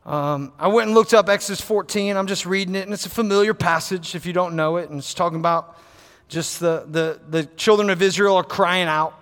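High, bright-voiced preacher man, echoing hall. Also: a little fast. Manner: animated, acts out quotes, builds to shouting. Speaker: pastor. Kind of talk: sermon.

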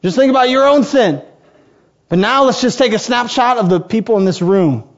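High-voiced man preaching a sermon. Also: normal speed, dull audio. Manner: emphatic, repeats key phrases in building lists. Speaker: pastor.

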